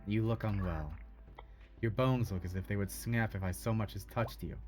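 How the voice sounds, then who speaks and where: A man voicing a calm, composed schoolgirl who speaks in a measured, blunt way. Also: fairly low pitch, faint music behind, voice pushed down, close to an everyday voice. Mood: cool.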